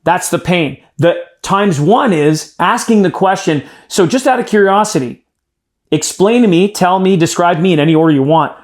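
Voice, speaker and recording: A man leads a live sales training session, speaking emphatically and turning straight to his group as he coaches. His voice sits slightly on the higher side for a man. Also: expressive, normal speed.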